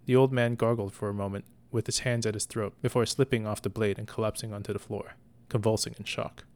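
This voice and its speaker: A man narrating a story in a slow, deliberate scripted reading as the show's storyteller. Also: on the low side, fairly even intonation, darkish tone. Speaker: podcast storyteller.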